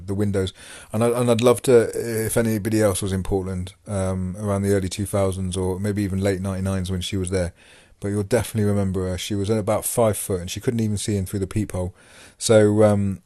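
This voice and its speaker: A man's voice: lowish voice, warm tone, no room sound, clean studio sound. A man hosting a podcast, talking casually about his time in prison, rambling with many fillers and restarts. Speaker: podcast host and former prisoner. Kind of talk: casual monologue.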